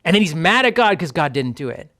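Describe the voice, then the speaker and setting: A male pastor delivers a sermon in a conversational, emphatic tone. His voice sits fairly high. On key points he drops to a near whisper. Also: very animated, fast, a bit bright.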